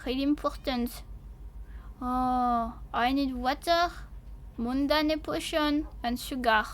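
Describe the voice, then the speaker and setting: A woman with a French accent and French as her first language, streaming a game and chatting to viewers, excitable and quick to yelp and swear. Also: sits high. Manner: excitable, bursts into yelps and swearing. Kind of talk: gameplay livestream commentary.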